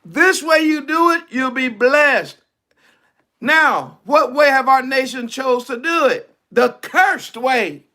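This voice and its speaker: A man's voice: very high voice, animated, takes it slowly, sharp tone. A male preacher giving a fiery, colloquial online sermon, reading scripture and preaching it.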